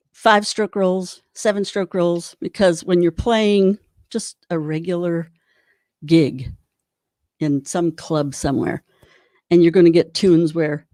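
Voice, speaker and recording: A woman's voice: on the low side, a little slow, darkish tone, no echo, studio quality. A woman giving an online drum clinic, chatty and encouraging while she demonstrates rudiments. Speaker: drum instructor.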